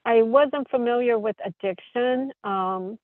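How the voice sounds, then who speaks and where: Female caller, slightly high voice, halting, thin phone-line sound. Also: no echo. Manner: hesitant, many fillers and restarts. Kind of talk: call-in conversation. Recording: tinny dry phone line.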